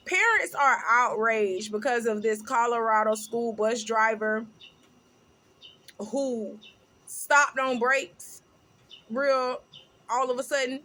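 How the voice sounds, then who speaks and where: A middle-aged woman hosts a casual gossip-and-news vlog in a bright, ringing voice pitched a little high. She talks loud and animated, breaking into laughter as she tells stories. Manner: loud, laughing, animated storytelling with sung snippets. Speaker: host.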